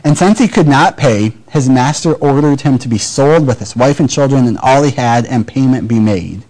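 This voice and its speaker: A man's voice: medium pitch, moderate pace, a little mellow, rough recording. A man from Michigan with a Midwestern American accent, preaching a sermon in a conversational way and acting out little everyday dialogues. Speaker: pastor.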